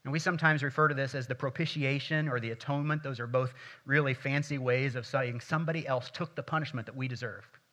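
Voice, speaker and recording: A man, a pastor, preaching a sermon and reading scripture aloud, building to louder, more intense passages. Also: medium pitch, fairly even intonation, fast.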